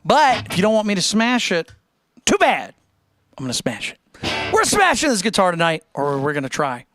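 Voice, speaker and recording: Hosting a live music stream, a man chats casually and jokes between songs while reading out viewer donations. His voice is high and a bit bright, with huge pitch swings and a moderate pace.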